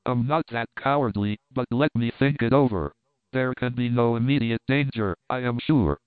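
A man's voice: mid-range voice, normal speed, clean tone, no room sound, lightly acted. A man voicing a proud, frightened young woman who speaks in an earnest, formal, pleading way. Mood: distressed. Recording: narrow phone-like band.

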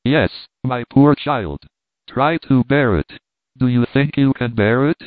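A man voicing a kind friar who speaks softly and gravely, in an audiobook reading. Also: mid-range voice, a little slow, no room sound, lightly acted. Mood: solemn. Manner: soft, grave delivery. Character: gentle male friar, solemn and kind. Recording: dry, tinny phone-like sound.

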